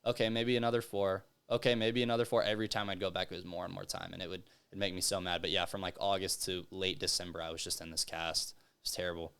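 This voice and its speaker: A man's voice: sits low, fast, gravelly, smooth. A young man from Texas, a guest author, telling a personal story in casual chat and acting out the voices of the people in it. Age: young adult. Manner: animated, acts out quoted voices.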